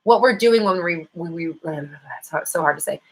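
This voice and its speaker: She's a young host of a laid-back manifesting live stream, voicing viewer comments and guiding people with frequent laughs and playful scolding. Her pitch is fairly low, her pace unhurried, and there's a breathy edge to her voice.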